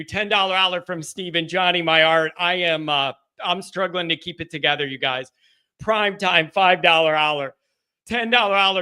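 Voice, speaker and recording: Overwhelmed, high-voiced livestream host. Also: male voice, moderate pace, pushed and bright, clean tone. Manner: breathless, rambling, loses his place. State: overcome with emotion. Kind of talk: postgame call-in livestream, reading viewer messages.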